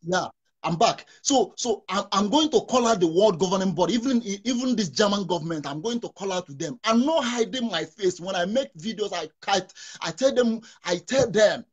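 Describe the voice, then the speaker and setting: A man's voice: high voice, lively intonation, moderate pace, husky. A man speaking as a talk show guest over a remote call, fervent, often restarting and repeating himself. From Nigeria. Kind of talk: impassioned talk show discussion. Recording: interrupted remote call connection.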